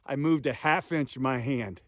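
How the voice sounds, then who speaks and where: A man's voice: mid-range voice, normal speed, fairly bright tone, no room sound, clean studio sound. A man teaching a hands-on goose calling lesson outdoors, folksy and emphatic, calling his viewers "guys".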